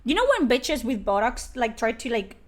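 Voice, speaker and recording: A woman's voice: a little high, big pitch swings, moderate pace. A young woman streamer reacting to a game trailer in a sarcastic, blunt and profane way. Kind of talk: live-stream reaction commentary.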